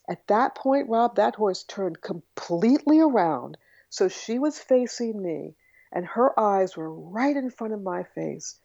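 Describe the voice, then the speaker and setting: A woman, a guest on an interview show, telling a story in a lively anecdotal way and acting out the voices she quotes. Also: mid-range voice, measured pace, gravelly, dry recording. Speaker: guest, author on horse communication. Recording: slightly dull lo-fi audio, dry.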